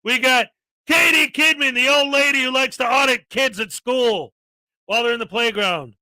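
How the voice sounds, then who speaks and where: High, bright-voiced ranting man. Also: normal speed, no echo, poor audio. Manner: ranting, reels off long lists. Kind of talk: casual live-stream chat.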